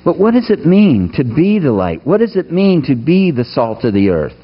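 A man's voice: a little high, sing-song, normal speed, highs cut off. A man preaching a sermon to his congregation, emphatic, putting rhetorical questions to the listeners. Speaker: pastor. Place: church sanctuary.

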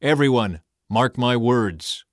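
A man's voice: mid-range voice, animated, slow pace, dry recording, clean studio sound. Micaiah, a man reading as a stern prophet. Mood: firm. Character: defiant male prophet, stern and unbending.

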